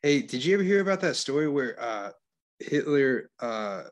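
A man's voice: medium pitch, sing-song, moderate pace. Profane, easygoing man telling stories. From Florida, USA. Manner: profane, storytelling, says dude a lot. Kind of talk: casual crude banter.

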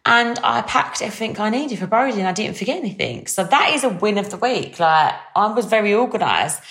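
A woman's voice: mid-range voice, expressive, a little fast, fairly bright tone. A young woman hosting a casual solo podcast, chatty and bubbly, with lots of fillers. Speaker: podcast host.

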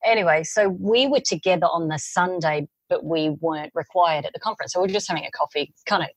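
A middle-aged woman, a psychologist guest, telling stories in a casual podcast interview with lively, acted-out quotes. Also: lowish voice, fast, slightly rough, dry recording.

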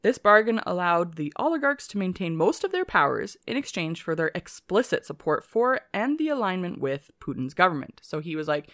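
Woman reading her notes on a podcast, lowish voice, dry close sound. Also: normal speed, few pauses, no room sound. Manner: steady, explanatory, reading prepared notes with asides. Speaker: podcast co-host. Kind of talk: casual podcast chat, explaining from notes.

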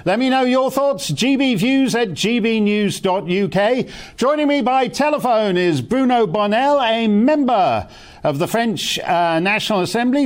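A man sitting in as presenter on a TV news talk show, giving wry, opinionated commentary and interviewing guests. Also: sits high. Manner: sardonic, wry and theatrical.

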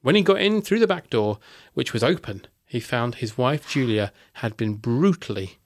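A man hosting a podcast, telling a true story in casual chat with wry, deadpan asides. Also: medium pitch, moderate pace.

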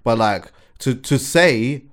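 A man's voice: mid-range voice, slow. A man holds the floor on a casual podcast, talking in an ordinary mid register. He tells stories in long, looping sentences and restarts them often. His energy keeps building while his friends cut in. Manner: animated storyteller, repeats words while thinking, laughs as he tells stories. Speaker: podcast host.

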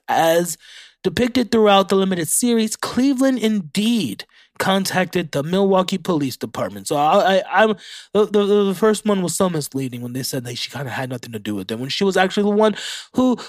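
In a casual solo podcast, a young male host reads facts out and swears often while reacting to them. He sounds a little high-pitched for a man, and the sound is dry and close-miked, without any echo or room ambience.

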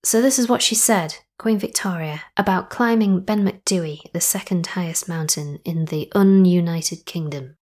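Young female podcast host, slightly low voice, casual and rambling. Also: moderate pace, few pauses, darkish tone. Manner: chatty, rambling asides and self-corrections.

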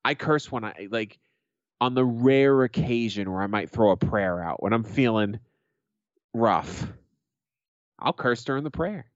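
A man's voice: medium pitch, animated, measured pace, pauses often, dry recording. A middle-aged man hosting a podcast, chatting casually as a blunt, profane, joking storyteller. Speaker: podcast host. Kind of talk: casual chat. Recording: dry, dull lo-fi recording.

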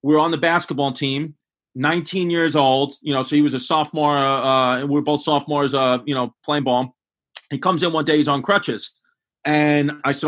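A man's voice: on the high side, steady tone, fast talker, fairly bright tone. A man in his forties, a comedian, telling crude, rambling stories in a casual podcast chat.

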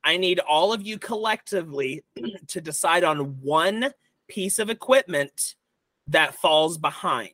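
A young man narrating as dungeon master, explaining choices in a relaxed, rambling way. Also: a little high, a little slow, dry recording. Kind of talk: narrating a tabletop game.

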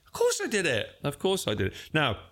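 A man's voice: a little high, brisk. A man, co-hosting a podcast and telling stories in casual chat, acting out the voices of people in them. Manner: animated storyteller, puts on voices in quotes. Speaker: podcast co-host.

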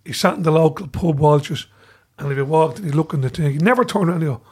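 A man with a Dublin accent telling lively stories in casual chat, laughing through his anecdotes. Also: fairly high pitch, fast talker, slightly rough. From Dublin, Ireland. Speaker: guest storyteller.

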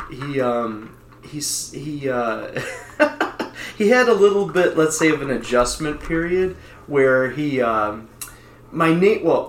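A man's voice: medium pitch, a little hiss or hum. A middle-aged man casually telling a rambling anecdote, with frequent restarts. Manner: rambling, many restarts and laughs. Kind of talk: casual storytelling. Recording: roomy echo.

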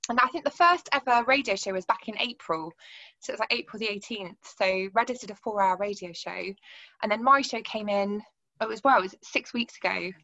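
A woman's voice: mid-range voice, brisk, pushed and bright, highs cut off. A woman with a Wiltshire accent, a guest on a podcast, chatting casually and laughing easily. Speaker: podcast guest and radio presenter. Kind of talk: casual chat.

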